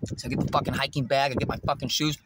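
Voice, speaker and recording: A man's voice: mid-range voice, little pitch movement, very fast, noisy background. A man telling a story in a profane, agitated, boastful way while sitting in his parked car in a parking lot. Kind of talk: casual storytelling vlog.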